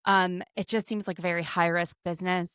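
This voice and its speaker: Forties woman co-host for a casual recap chat; lively storyteller, dry booth-like recording. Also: on the low side, brisk, clear, resonant tone, no echo. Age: 40s. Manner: chatty, animated storytelling. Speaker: podcast co-host.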